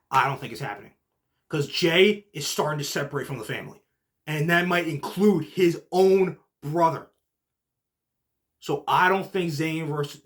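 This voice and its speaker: A young man hosts a casual show and recaps wrestling in an excitable, rambling way, full of fillers like "like" and "literally". His voice sits a little high for a man. He drops to low muttering, then jumps to shouting. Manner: heavy use of filler like "like" and "literally". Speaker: podcast host.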